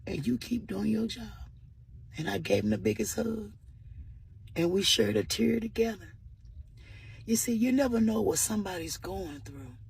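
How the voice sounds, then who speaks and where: A woman's voice: mid-range voice, gravelly, darkish tone, a little hiss or hum. A woman earnestly telling a personal story in a vlog, often repeating "I said" and offering religious encouragement. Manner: earnest, repeats "I said" while retelling. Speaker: vlogger.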